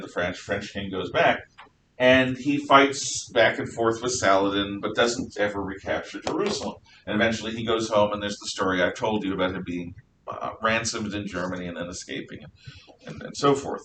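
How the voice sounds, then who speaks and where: A male history teacher lecturing a class in a casual, jokey storytelling way with asides. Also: sharp tone. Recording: echoey room from far off, faint rumble.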